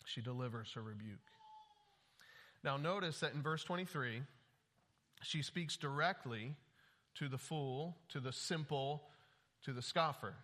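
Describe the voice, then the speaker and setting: A man's voice: fairly high pitch, unhurried, bright, forceful tone. A man preaching a sermon, urgent and pleading, often rising in emphasis. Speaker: pastor.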